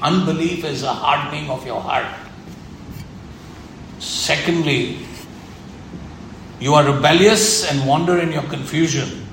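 Male preacher, gravelly and somewhat high-pitched, earnest and repetitive, echoey room. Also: measured pace, pauses often, a bit bright. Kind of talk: sermon. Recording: echoey room with faint ambient noise.

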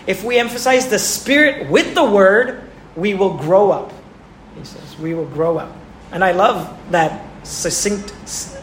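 A man's voice: high-pitched, fairly bright tone. A man preaching a sermon who asks his listeners questions and repeats words for emphasis. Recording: echoey room with faint ambient noise.

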